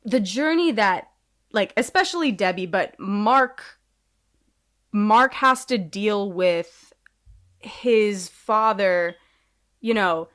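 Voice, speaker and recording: A woman's voice: mid-range voice, animated, slow pace, long pauses, a bit bright. A woman co-hosting a podcast in casual chat, rambling off on tangents with sarcastic asides. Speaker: podcast co-host.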